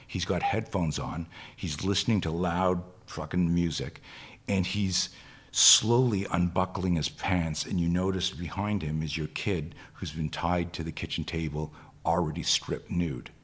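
A man with a very low, husky voice tells a long story as a podcast guest. He speaks as a self-defense instructor, swears freely, and slips into the voices of the people in his story. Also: steady tone, measured pace, fairly bright tone. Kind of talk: animated storytelling in conversation.

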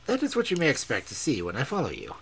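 A man reading aloud and voicing a cold, commanding male detective in a measured, stern, precise way with a husky tone. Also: mid-range voice, wildly swooping pitch, a bit bright, heavily acted, low-quality recording.

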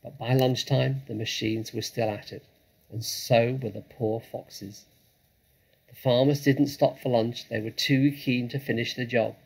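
A man reading a children's story aloud in a dramatic, measured way. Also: medium pitch, steady tone, creaky, a little mellow, slightly rough, rough recording.

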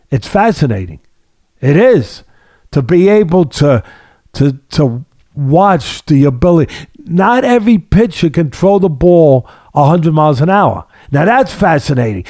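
On his casual sports podcast, this boxing analyst talks emphatically in a fairly high, slightly mellow voice, recorded clean in the studio with no room sound. He repeats phrases to drive points home and leans on sardonic remarks and lengthy analogies.

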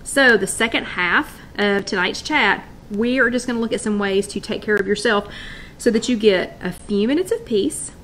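At normal speed and medium pitch, her slightly bright voice comes through with a little hiss or hum. As a wellness workshop host on a casual live stream, she's chatty and rambling, repeating and restarting while greeting viewers by name.

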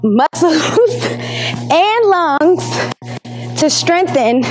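A woman's voice: very high voice, expressive, extremely slow, faint music behind, low-quality recording. A woman leading an exercise lesson as a PE teacher, counting down reps and encouraging while she works out, slightly out of breath.

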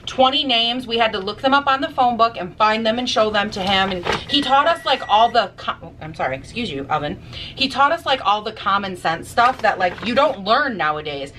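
A woman's voice: on the high side, lively intonation, moderate pace, pushed and bright, far from the mic, slight background noise, low-quality recording. A young woman vlogging in her kitchen while she bakes, talking in a sassy, chatty way with casual swearing. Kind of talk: casual chat while baking. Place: home kitchen.

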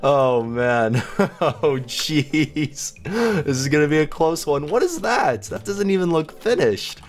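A man's voice: on the high side, big pitch swings, a little slow. A man giving casual gameplay commentary as a video host, chatty and self-mocking, laughing often as he goes. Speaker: gaming YouTuber.

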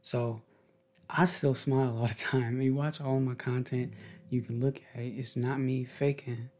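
A man chatting to viewers in a casual ASMR video, moving between soft talk and whispers, rambling, upbeat and affectionate. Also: medium pitch, fairly even intonation, measured pace, slight background noise. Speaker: ASMR creator.

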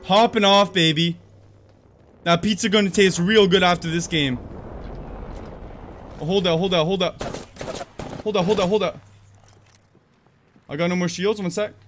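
A young man streaming a shooter game, reacting loudly and excitedly as he plays, yelling at opponents. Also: high-pitched, moderate pace, pauses often, a little hiss or hum. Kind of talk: live gameplay commentary.

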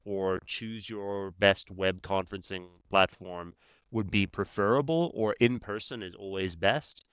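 A man's voice: on the low side, a bit bright, clear, resonant tone, no echo. A man, a guest expert on negotiation, talking in a conversational way and often tagging his points with "right?". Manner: emphatic, many "right?" tags. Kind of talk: conversational explaining.

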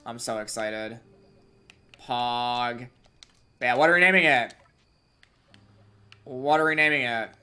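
A woman streaming a game live, chatting with viewers in excitable gamer slang. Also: rumbling low, takes it slowly, pauses often. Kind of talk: live gameplay streaming chat.

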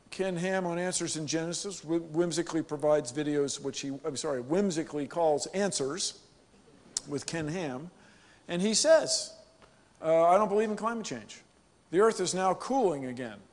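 A man from the United States giving an animated, joking conference keynote to a live audience. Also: fairly high pitch. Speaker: keynote speaker. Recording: long hall reverb.

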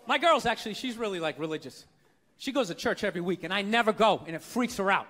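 A man's voice: high voice, expressive, fast talker, bright, forceful tone. A man doing stand-up comedy, ranting in a profane, incredulous way before a live audience. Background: audience laughter.

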